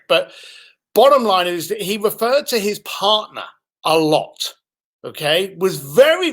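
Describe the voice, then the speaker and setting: High, lively male storyteller. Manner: acts out both sides of phone calls. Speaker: speaker telling a business story. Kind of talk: animated storytelling.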